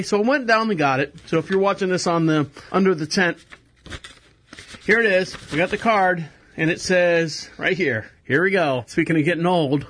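A man's voice: sits high, normal speed, fairly bright tone. A man hosting a live podcast in a small studio, rambling casually and laughing at himself, on a close headset mic. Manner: rambling, self-deprecating, laughs often. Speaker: podcast host. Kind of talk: casual live show monologue. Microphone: headphones with microphone close to face.

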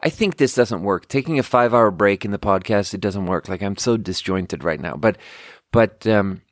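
Young male podcast host; low voice, rambling, self-interrupting, casual swearing; dry recording. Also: expressive, normal speed, no echo.

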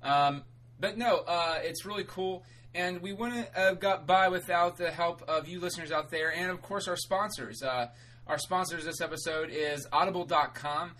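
A male podcast host with a bright, forceful tone and a slightly high voice. He rambles through his intro and sponsor spots in a loose, chatty way, swearing casually and correcting himself as he goes. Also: normal speed, rough recording.

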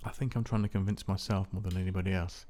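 A man's voice: low voice, fairly even intonation, quick pace, warm tone. A man hosting a music podcast, talking in a rambling, chatty, self-mocking way with lots of restarts. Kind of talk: casual solo podcast chat.

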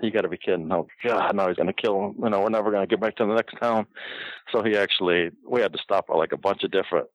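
Deep-voiced older man, rambling road stories. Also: quick pace, dull audio. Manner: rambling, with many fillers and restarts. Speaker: former pro wrestler telling road stories. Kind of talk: casual storytelling.

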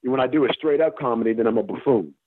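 Male actor guest from the Deep South, mid-pitched, emphatic and profane, heard over a phone line. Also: fast, slight background noise. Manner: emphatic, profane, laughs while making points. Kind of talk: candid interview conversation. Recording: tinny phone-line sound.

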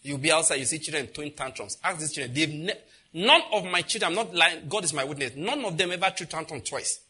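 Lively high-voiced pastor. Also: male voice, fast talker, background noise. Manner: animated, laughing, acts out quotes. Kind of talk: sermon.

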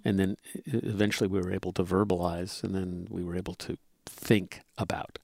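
A man's voice: deep voice, little pitch movement, brisk, gravelly, a little mellow, no room sound. A man co-hosting a relationship podcast, musing aloud, often restarting his phrases and chuckling. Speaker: podcast co-host. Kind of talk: relationship advice chat.

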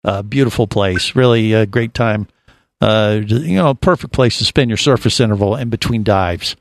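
A man's voice: on the low side, normal speed, slight background noise. A man hosting a casual podcast chat, rambling with lots of fillers and restarts. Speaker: podcast host.

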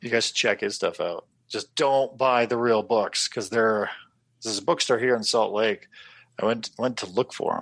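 A man co-hosting a podcast, chatting casually and telling animated stories, swearing and acting out his own reactions. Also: on the low side, normal speed, no echo. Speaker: podcast co-host. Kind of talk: casual chat.

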